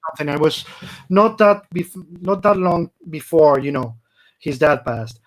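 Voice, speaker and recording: A man's voice: fairly high pitch, animated, unhurried. A man from Spain hosting a casual interview, rambling with many fillers and eagerly listing names. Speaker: interview host.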